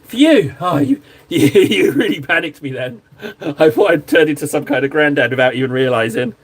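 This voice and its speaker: A man from southwest England with a southern English accent, hosting a live stream and chatting casually, excitable and quick to interrupt himself. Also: a little high. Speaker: live-stream host painting miniatures.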